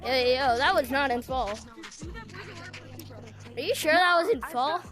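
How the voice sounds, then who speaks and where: A woman's voice: high-pitched, a little slow, over music. A woman casually chatting while playing a VR game, playfully chanting a catchphrase over and over. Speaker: VR gamer vlogger. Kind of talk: casual gameplay chat.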